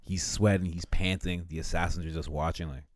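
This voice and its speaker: A man co-hosting a casual podcast, excitedly retelling a story with swearing and acted-out voices. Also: sits low, a little fast, no room sound, studio quality. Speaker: podcast co-host. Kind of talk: casual chat, animated retelling.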